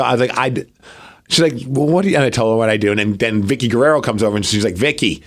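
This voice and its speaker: His mid-range voice comes out rapid-fire as he co-hosts a podcast and works through a long anecdote in casual talk. He stays animated throughout, acting out others' quotes.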